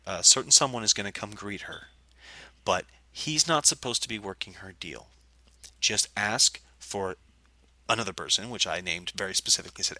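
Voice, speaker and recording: Bright-voiced man ranting about a job. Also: medium pitch, no echo. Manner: angry, profane, animated retelling. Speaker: vlogger. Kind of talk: casual storytelling rant.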